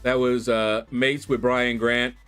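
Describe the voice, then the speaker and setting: A man from Kentucky hosting a relaxed livestream chat, telling animated stories with laughs and playful voices into a desk microphone. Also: medium pitch, slow, smooth. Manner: animated storyteller, laughs, squeals in mock voices. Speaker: livestream host. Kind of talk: casual chat with viewers. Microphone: desk USB microphone. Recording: faint background music.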